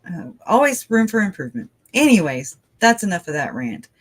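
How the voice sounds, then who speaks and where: A livestream host in casual talk, rambling and animated, with frequent laughs and many fillers, and getting loud when worked up. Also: medium pitch, fairly quick, slightly rough, low-quality recording. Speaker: true crime livestream host.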